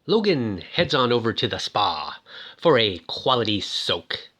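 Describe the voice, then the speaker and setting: A man's voice: mid-range voice, very animated, measured pace, sharp tone. A man casually talking about toys, rambling with lots of fillers. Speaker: toy reviewer. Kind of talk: casual chat.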